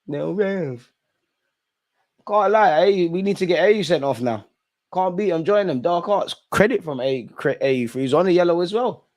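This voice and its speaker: A man's voice: sits high, lively intonation, moderate pace, darkish tone. A young man hosting a live football watch-along, reacting to the match in an exasperated way and talking straight at the players and the referee.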